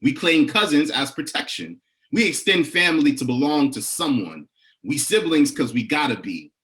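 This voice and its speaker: A young man with an African American English accent, talking softly with many pauses between poems, then performing spoken word poetry in a rhythmic, rising, incantatory delivery. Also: on the high side, expressive. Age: young adult. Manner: soft, halting talk between poems with many fillers.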